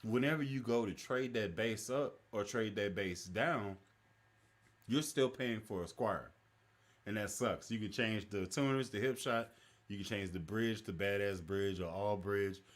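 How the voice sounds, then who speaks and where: A young man, hosting a casual stream chat in an animated, rambling way that is full of laughter. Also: on the low side, a little slow. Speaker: stream host.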